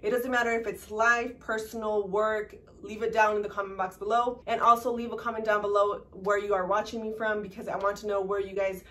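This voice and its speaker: A woman vlogger talks casually and warmly to her viewers, thanking them and calling them guys in a chatty, heartfelt way. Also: medium pitch, flat delivery, a little fast, hardly any pauses. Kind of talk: casual talk to camera. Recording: distant mic with faint background noise.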